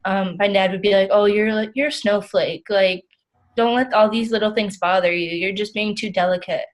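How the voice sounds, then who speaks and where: A young woman acts out an overwhelmed client in a counseling role-play. She talks in rambling runs full of fillers, self-critical and tired, at an ordinary mid pitch. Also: steady tone, moderate pace, natural voice, poor audio. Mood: weary, frustrated.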